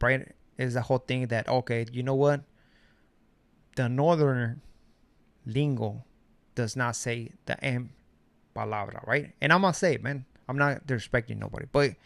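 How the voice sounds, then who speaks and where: A man's voice: medium pitch, creaky, a bit bright. A middle-aged man from Mexico giving a blunt, slangy commentary monologue. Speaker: commentary streamer.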